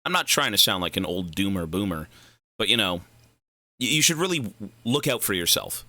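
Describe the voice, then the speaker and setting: A man's voice: lowish voice, big pitch swings, a little fast, sharp tone, dry recording. A young man streaming a game, chatting casually, rambling and cursing as he goes off on side tangents. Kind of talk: casual livestream chat while gaming.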